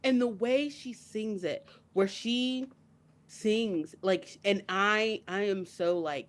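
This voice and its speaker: A woman's voice: medium pitch, slow pace. A young woman co-hosting a podcast, talking through a song with mounting emotion and tears. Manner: emotional, builds to tearful outbursts. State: crying. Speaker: podcast co-host. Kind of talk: casual chat.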